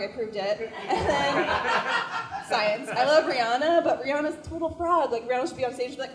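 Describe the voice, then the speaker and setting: A woman's voice: high voice, fairly quick, crowd noise. Chatty young woman doing stand-up in an echoey room. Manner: chatty, self-deprecating, lots of "like". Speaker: stand-up comedian. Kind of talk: stand-up comedy set. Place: small comedy venue, indoors. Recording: echoey live comedy venue.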